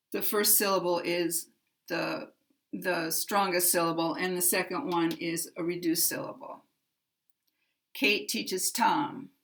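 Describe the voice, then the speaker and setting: An American woman teaches pronunciation at a very unhurried pace, drawing out her key words and modeling each example sentence. Her voice has a gravelly, creaky edge, and her pitch sits in a middle range. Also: a bit bright. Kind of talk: slow, deliberate teaching with spoken examples.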